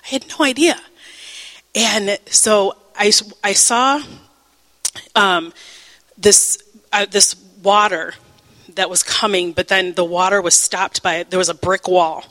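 A woman teaching the Bible through a personal testimony, emotional and halting, with many fillers and restarts, and breaking into laughter at times. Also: medium pitch, steady tone, a bit bright, big-room sound, poor audio.

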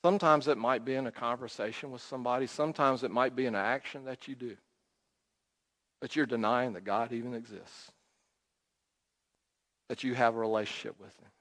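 A man's voice: mid-range voice, fairly bright tone. Man preaching in a reverberant hall. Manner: storytelling, acts out quotes, rises and drops in volume. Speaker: pastor. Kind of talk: sermon.

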